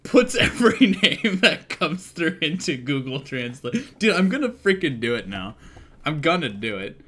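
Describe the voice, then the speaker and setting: A young man streaming a game live and chatting casually, excitable and swearing freely as he thinks aloud. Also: a little high, moderate pace.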